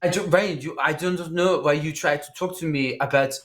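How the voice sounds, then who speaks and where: A man doing an impression of a quiet, deadpan Frenchman with a put-on French accent, speaking flat and soft with no inflection. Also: a little high, normal speed, a little hiss or hum, close to an everyday voice. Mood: deadpan dismissive. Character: quiet deadpan Frenchman who dismisses others.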